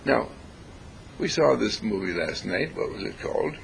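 A man giving a reflective spiritual talk, deliberate and emphatic, repeating phrases to stress them. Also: fairly low pitch, lively intonation, gravelly, slight background noise, rough recording. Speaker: spiritual speaker.

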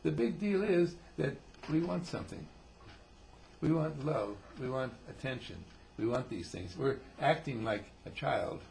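A man's voice: medium pitch, unhurried, creaky, a little hiss or hum. A man giving an informal talk on behaviour, acting out quotes in different voices. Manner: animated, acts out quotes in voices.

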